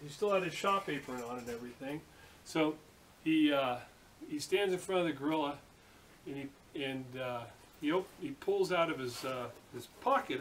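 A man in his late fifties spins a joke in a folksy, rambling way, full of fillers and restarts. His voice sits a little high. He is recorded from across a workshop, with a faint hiss underneath. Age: late 50s. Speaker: hobby machinist video host. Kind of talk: casual joke telling. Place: home workshop. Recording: distant mic with faint hiss.

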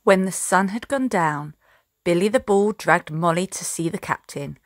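A teacher reading a children's storybook aloud in a slow, expressive storytelling voice. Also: female voice, fairly low pitch. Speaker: infant school teacher.

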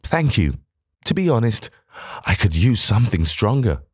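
A man voicing a flustered fifty-year-old male museum scholar who talks in a hurried, breathless, agitated way in an audiobook. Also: on the low side, very animated, slightly rough, no echo, clean studio sound, voice pushed up. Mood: urgent. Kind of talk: audiobook character voice.

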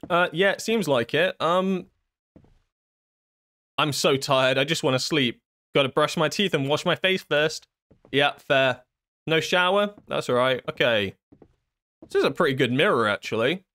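Laughing frequently, this gaming YouTuber swears and makes sarcastic jokes while commenting on a horror video game playthrough. His voice is a little high and a bit bright, animated yet unhurried, with frequent pauses.

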